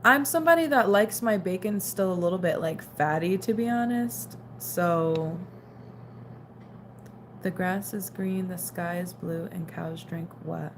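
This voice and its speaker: A woman's voice: lowish voice, a little slow, background noise. A young woman casually chatting on a late-night livestream, reading out viewer comments and sounding tired. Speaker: livestream host.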